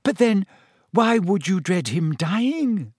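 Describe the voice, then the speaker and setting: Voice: medium pitch, very animated, slow pace, darkish tone, slightly rough, no echo, pitched above the performer's own voice, exaggerated voice. An earnest, bookish teenage girl, as an audiobook reader puts her on, speaks in a raised voice. She sounds hesitant and careful. The sound is dry and close. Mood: reasoning. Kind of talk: audiobook character voice.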